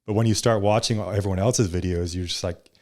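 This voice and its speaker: A young man talks as a podcast guest in a laid-back, casual way. His voice sits a bit low, and he calls his own delivery monotone. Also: a little fast. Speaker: podcast guest, social media creator.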